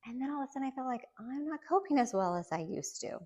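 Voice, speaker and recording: A woman's voice: high voice, lively intonation, fast, a little mellow. Chatty woman around fifty. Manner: chatty, laughs lightly between points; shares personal experiences with listeners. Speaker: vlogger. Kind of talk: casual chat.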